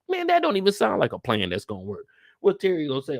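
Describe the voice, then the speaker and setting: A mid-pitched man with hosts an episode breakdown in a lively, animated way. He slips in and out of quick impressions of the characters as he talks. The sound is close and dry, with no room around it. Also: no room sound. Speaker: show recap host.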